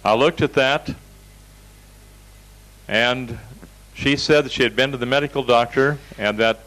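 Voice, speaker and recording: A man's voice: medium pitch, measured pace, a bit bright, rough recording. A man teaching a seminar over slides, telling folksy anecdotes in a direct, storytelling way. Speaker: seminar instructor.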